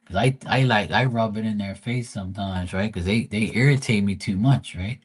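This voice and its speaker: A man's voice: fairly low pitch, normal speed, slightly rough. Blunt, swearing man telling family stories. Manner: swears freely, teasing and blunt; rambling with many fillers and asides. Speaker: tarot reader and livestream host. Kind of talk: casual storytelling.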